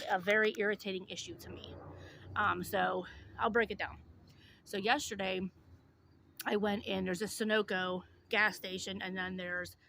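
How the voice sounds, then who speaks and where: Woman vlogger, chatty storytelling to camera, crisp bright tone, mid pitch. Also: slight background noise. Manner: chatty, animated retelling with lots of fillers. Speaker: YouTuber.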